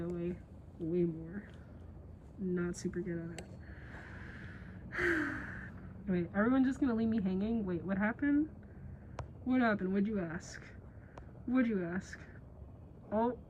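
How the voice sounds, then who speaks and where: Slow, chatty young woman streamer. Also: mid-range voice, darkish tone, a little hiss or hum. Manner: rambling, chatty and playful, with slang fillers. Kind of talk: casual livestream chat. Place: indoors while traveling.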